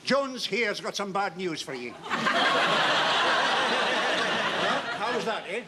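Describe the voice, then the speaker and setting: An actor playing a sly older man with a Scottish accent who draws his words out slowly, in a 1970s sitcom. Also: sits high, big pitch swings, very noisy.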